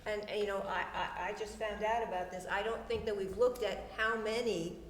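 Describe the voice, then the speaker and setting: A woman's voice: mid-range voice, steady tone, fairly quick, slight background noise. A woman on the town council who responds to a resident thoughtfully, hedging and restarting. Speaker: council member chairing. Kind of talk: public meeting discussion. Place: town meeting room. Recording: echoey hall with long reverb.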